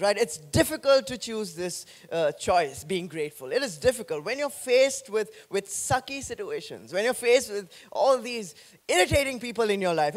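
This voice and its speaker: A man pastor preaching an animated sermon, joking with the congregation. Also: sits high.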